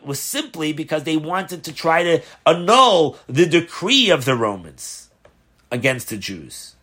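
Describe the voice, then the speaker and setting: A rabbi teaching a class on a religious text, posing questions and answering them in a conversational, animated way. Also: male voice, fairly high pitch. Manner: asks rhetorical questions, animated emphasis. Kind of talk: Torah class explaining a text.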